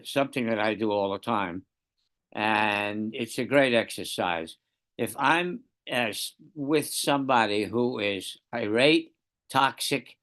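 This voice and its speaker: A man in an online study group, earnestly sharing a practice in a calm, repetitive way. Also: medium pitch. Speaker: group participant.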